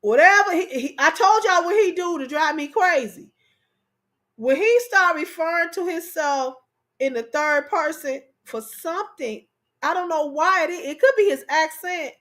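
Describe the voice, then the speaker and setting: A very high-pitched woman hosts a livestream at normal speed, chatting casually and playfully. She's animated, laughs often and speaks directly to her viewers.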